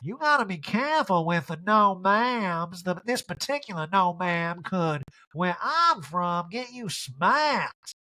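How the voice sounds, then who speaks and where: A man's voice: animated, pushed and bright, exaggerated voice. A man doing a brash, gossipy socialite woman. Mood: mocking. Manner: mocking high drawn-out impression.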